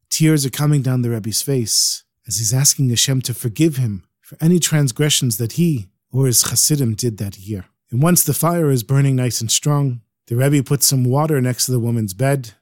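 A man narrating a religious story in an animated, expressive way. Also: medium pitch, dry recording, clean studio sound.

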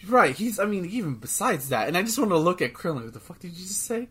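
A man co-hosting a podcast in casual chat, excitable, swearing freely and restarting his sentences often. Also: high-pitched, fast, breathy edge. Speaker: podcast co-host.

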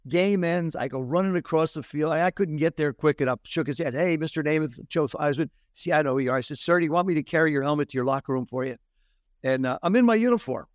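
An older man from New Jersey, a former quarterback telling animated anecdotes as an interview guest. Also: a little high, fast, no room sound, studio quality. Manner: animated anecdotes with laughs and restarts. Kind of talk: storytelling interview.

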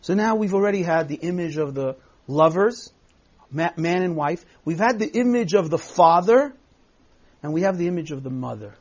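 In a class, a man reads Bible verses aloud and explains them with emphatic, expressive delivery. His pitch is fairly high and his pace moderate, and the recording sounds muffled.

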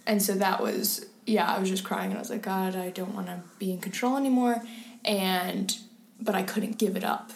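A woman's voice: medium pitch, fairly even intonation, moderate pace, vocal fry. A young woman, a guest in an interview, telling personal stories in a chatty, candid way with many fillers. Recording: roomy echo.

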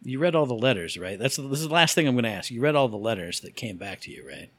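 A man co-hosting a video game podcast, talking in a wry, expressive way. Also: medium pitch, fast talker, husky, no room sound. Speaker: podcast co-host. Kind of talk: casual chat.

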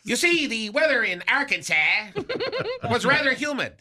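A man's voice: very high-pitched, normal speed, exaggerated voice. A man voicing a lovesick, long-winded fellow who talks in flowery, overblown words in a radio comedy sketch. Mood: deadpan pompous. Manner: flowery, overblown vocabulary, deadpan bragging. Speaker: recurring comedy character.

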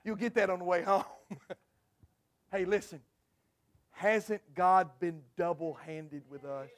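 A man's voice: high voice, steady tone, slow. A man preaching a sermon to his congregation, emphatic and storytelling. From United States. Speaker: pastor.

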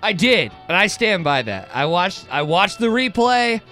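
A man co-hosting a post-game sports podcast in casual chat, excitable, often repeating words as he starts a sentence. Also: sits high, a little slow, faint music behind. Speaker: podcast co-host.

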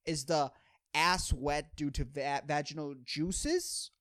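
A man's voice: on the high side, slow pace, a bit bright, no room sound, clean studio sound. A man with a Puerto Rican accent hosting a podcast, rambling through a goofy comedic monologue and swearing casually. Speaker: podcast host.

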